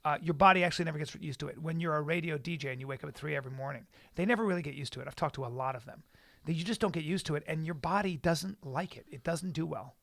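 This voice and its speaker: A man's voice: a little high, very fast, gravelly, a bit bright, dry recording. A man co-hosting a podcast in a studio, telling stories animatedly and swearing freely. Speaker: podcast co-host. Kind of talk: casual chat.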